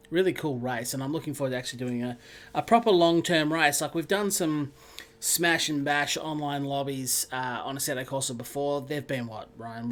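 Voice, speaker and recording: A man with a slightly high voice, hosting a live racing stream. He chats in a loose, relaxed way and calls out viewers from the chat by name. It sounds like a home desk mic setup.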